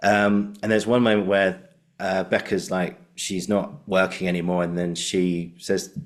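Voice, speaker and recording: A man's voice: low voice, measured pace. A young man hosting a podcast, chatting casually and rambling a little. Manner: rambling, animated when imitating others. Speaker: podcast host. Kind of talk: casual chat.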